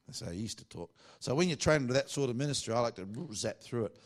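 A man preaches to a church meeting in a loose, conversational way, with self-mocking jokes along the way. His pitch sits in the middle of the male range. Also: lively intonation, fast talker, hardly any pauses. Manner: chatty, self-mocking, joking asides. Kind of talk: sermon.

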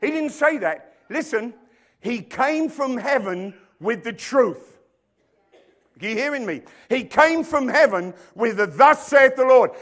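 A man with a very high-pitched voice preaching a sermon in a church hall. He builds to loud, emphatic declarations and then drops into quiet, joking asides. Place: church hall with stage lights.

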